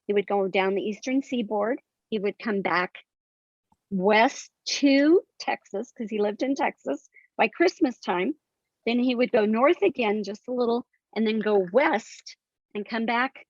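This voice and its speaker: An older woman speaks as a guest author, recounting things in earnest and detailed stories. Her voice sits at a middle pitch. The recording is dry and a little muffled, with the highs rolled off. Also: unhurried, no echo. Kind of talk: conversational interview. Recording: dry, slightly dull sound.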